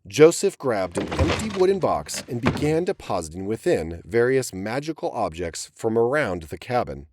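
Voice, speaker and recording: A man giving dramatic, expressive narration of a historical audiobook story. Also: medium pitch, normal speed, hardly any pauses, dry recording, clean studio sound.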